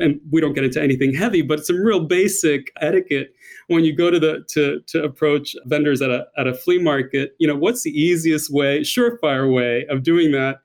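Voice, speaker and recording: Effusive American man, a bit high. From United States. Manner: enthusiastic, effusive, repeats words while searching. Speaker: guest, author and designer. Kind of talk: interview conversation.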